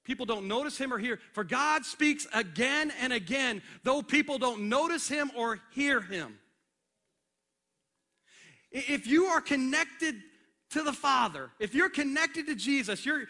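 High, bright-voiced male preacher. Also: moderate pace. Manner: animated, acts out scenes with a helper on stage. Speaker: pastor. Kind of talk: sermon. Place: church stage. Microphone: handheld or stage microphone.

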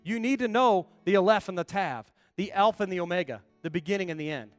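Pastor guy preaching, high voice, gets loud and emphatic, quiet guitar under it. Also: fast, hardly any pauses, dry recording. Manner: emphatic preaching, building to loud passionate calls. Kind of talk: sermon.

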